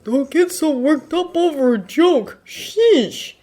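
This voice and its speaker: A woman's voice: medium pitch, normal speed, warm tone, voice pushed up, lightly acted. A woman voicing a crude, lecherous teenage boy who whines and leers, in a fanfiction audiobook reading. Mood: whiny. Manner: whining, leering.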